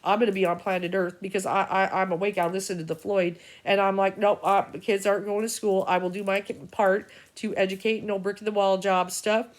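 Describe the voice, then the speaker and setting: A woman's voice: medium pitch, little pitch movement, fairly quick, few pauses. A middle-aged woman, an intuitive reader, rambling through an agitated, profane, stream-of-consciousness vlog rant.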